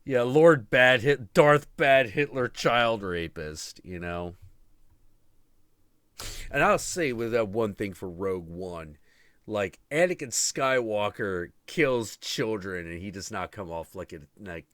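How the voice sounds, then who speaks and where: A man with a lowish, slightly bright voice speaks slowly but animatedly, with no echo. Hosting a casual live stream like a podcast host, he rambles sarcastically, swears constantly, and mocks film characters in profane chat.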